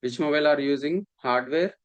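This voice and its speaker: A man's voice: a little high, fast talker. A man, lecturing a class, repeating points and often asking the students if they follow. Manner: repetitive, checks understanding often. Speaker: instructor.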